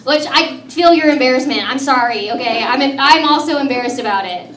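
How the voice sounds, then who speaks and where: High-voiced woman doing stand-up. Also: a little fast, a bit bright, slight background noise. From United States. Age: 30s. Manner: breezy, self-mocking, lots of "man" and "dude". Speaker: stand-up comedian. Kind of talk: stand-up comedy set. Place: comedy club stage. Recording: echoey club from a distance, crowd audible.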